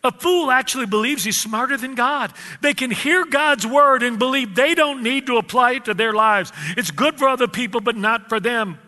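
A man's voice: extremely high pitch, sharp tone. A male pastor preaching a sermon, calling out to the congregation and stretching out his key words. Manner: preacherly, calls out to the congregation, drawn-out emphasis. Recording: reverberant hall.

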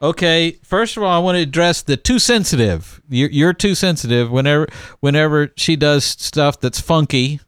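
A man's voice: fairly high pitch, lively intonation, normal speed, few pauses, fairly bright tone, clean tone, dry recording, studio quality. A man co-hosting a podcast, giving emphatic advice in casual chat, with frequent restarts and fillers.

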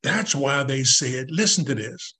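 A man's voice: mid-range voice, a little slow, bright, forceful tone. An older man giving a folksy, conversational personal testimony at a recovery meeting, speaking straight to the audience.

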